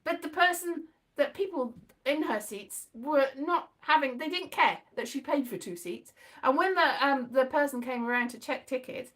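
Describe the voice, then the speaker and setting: A woman's voice: high voice, lively intonation, normal speed, fairly bright tone. A woman telling a rambling travel anecdote in a casual vlog, with many restarts and asides.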